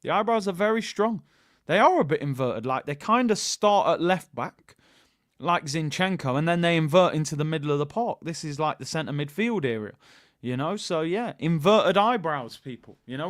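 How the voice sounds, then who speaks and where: Young guy doing a football stream, bit high voice, dry close mic, jokey slangy banter. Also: big pitch swings, moderate pace, sharp tone, dry recording. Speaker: football channel host. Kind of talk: casual live-stream chat.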